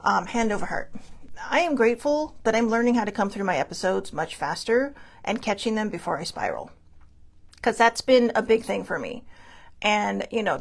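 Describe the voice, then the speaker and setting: A woman's voice: mid-range voice, vocal fry. A woman in her forties hosting a wellness vlog, chatting casually and rambling into self-deprecating asides. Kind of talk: casual self-help chat.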